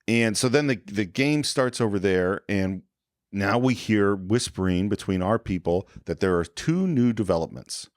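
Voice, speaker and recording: A man talks through a film scene on a podcast, retelling it beat by beat and now and then speaking the characters' lines himself. His voice sits on the low side but rises and falls with lively swings. The sound is dry and close, with no room around it. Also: moderate pace, no room sound. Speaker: podcast co-host. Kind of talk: casual film discussion.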